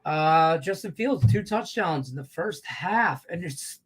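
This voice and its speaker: A man hosting a live sports betting show, reacting to the game with profane, excitable commentary that swings from loud rants to low mutters. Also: takes it slowly, husky.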